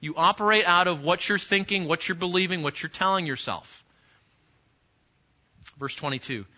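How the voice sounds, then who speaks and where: A man teaching a sermon-style Bible lesson, animated and acting out the scenes he describes, often repeating himself. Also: high voice, moderate pace, muffled recording.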